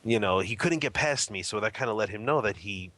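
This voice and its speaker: A man telling an anecdote in a casual, animated way, laughing often and acting out what people said. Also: lowish voice, a little fast. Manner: animated, laughing often, acts out quoted lines. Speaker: interview guest. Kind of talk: casual storytelling.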